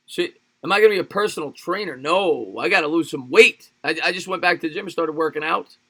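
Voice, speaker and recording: Guy doing play-by-play on a stream, bright punchy voice, kinda high, keeps chatting w/ chat between plays. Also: fast. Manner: energetic, laughs often, reads viewer comments aloud. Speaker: livestream sports play-by-play host. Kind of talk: play-by-play commentary mixed with live chat replies.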